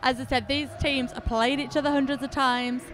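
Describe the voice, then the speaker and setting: A high-pitched woman calls a roller derby game, chatty and quick to laugh at herself. Her voice sits well above the usual range for a woman. Faint noise hums behind her. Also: steady tone. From England. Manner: chatty, giggly, self-mocking. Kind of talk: live sports commentary.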